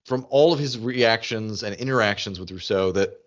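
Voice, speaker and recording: A man co-hosting a podcast in casual chat, animated and full of restarts as he talks. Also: mid-range voice, normal speed, hardly any pauses, dull audio. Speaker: podcast co-host. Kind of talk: casual chat recapping a TV episode.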